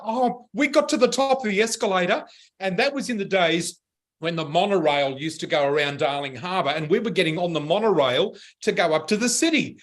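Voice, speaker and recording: Animated middle-aged man. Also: high voice, fairly quick. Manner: animated, laughs often while telling stories. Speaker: radio co-host. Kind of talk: casual chat, storytelling.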